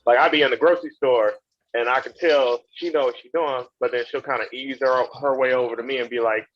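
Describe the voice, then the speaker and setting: A man's voice: mid-range voice, steady tone, fast talker, dull audio. A man from North Carolina with a Southern accent, hosting a casual chat and repeating words as he talks. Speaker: host.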